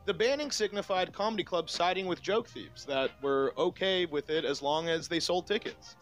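A man narrating a comedy history video in a measured, explanatory way. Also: high-pitched, faint music behind. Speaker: comedy commentary YouTuber. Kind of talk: scripted reaction narration.

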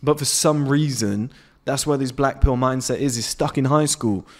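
A man's voice: medium pitch, normal speed. Blunt, profane man in his twenties. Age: 20s. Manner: blunt, profane, swearing freely. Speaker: men's self-improvement vlogger. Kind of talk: unscripted motivational rant to camera. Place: outdoors on a home patio.

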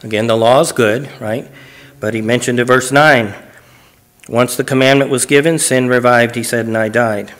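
A man's voice: medium pitch, fairly even intonation, moderate pace, fairly bright tone. A man, a pastor in church, teaching through a Bible passage verse by verse, reading each verse aloud and explaining it phrase by phrase in plain, conversational words.

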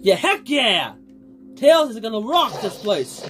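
A woman giving excited gameplay commentary, yelling at the screen over a match. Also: sits high, slow. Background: game music.

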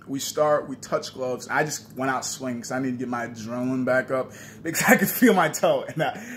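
A man's voice: fairly high pitch, a little hiss or hum. A young man casually telling a story on a vlog, swearing freely and acting out his own trash talk. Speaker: vlogger.

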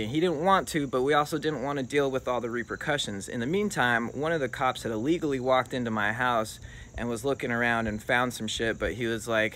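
A young man spins a personal story in a loose, rambling way, swearing freely as he goes. His voice sits at an ordinary middle pitch. He sounds like he is talking straight to the camera in a casual storytime. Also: moderate pace, a little hiss or hum. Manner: loose, profane, animated retelling.

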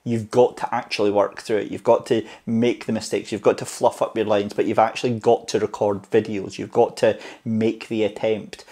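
In a vlog, a man offers casual, encouraging tips on speaking to camera, speeding up and slowing down for emphasis. His lowish voice has a level, dark tone. The sound comes from a clip-on mic on the camera tripod.

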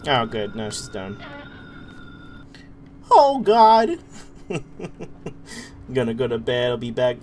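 A man's voice: medium pitch, level tone, a little fast, hardly any pauses, a little hiss or hum. A man streaming a horror game, chatting casually with viewers, yelping at scares and cursing. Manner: jumpy, yelps and laughs, swears, chats with viewers. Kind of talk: casual live-stream commentary.

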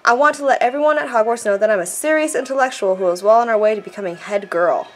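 A woman's voice: fairly high pitch, fast talker, faint music behind, lightly acted. A woman reading the lines of an eager, bookish schoolgirl friend in a game, bubbly and without any accent.

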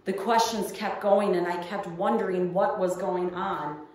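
A woman's voice: on the low side, fairly even intonation, a little slow, darkish tone, a little hiss or hum. A woman pastor delivering a midweek sermon, telling a personal story in an earnest, storytelling way. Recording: echoey room heard from far off.

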